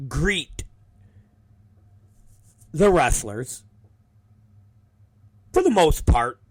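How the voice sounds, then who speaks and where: A male show host and wrestling promoter, telling a story casually in a profane, animated way. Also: a little high. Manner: animated, profane, acts out the people in his stories.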